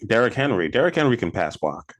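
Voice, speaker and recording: A man's voice: on the low side, big pitch swings, fast talker. A man co-hosting a sports podcast, asking his partner questions and giving short, agreeable replies. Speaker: podcast co-host. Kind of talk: casual sports chat.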